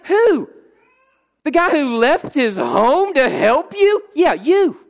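A man preaching a sermon as a pastor, animated, acting out the people's complaints in short bursts. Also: very high-pitched, unhurried.

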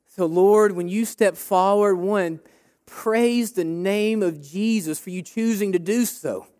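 A man's voice: high-pitched, takes it slowly, a little mellow. Fervent forty-year-old male pastor preaching. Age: 40s. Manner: fervent, repeats short emphatic phrases. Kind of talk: sermon.

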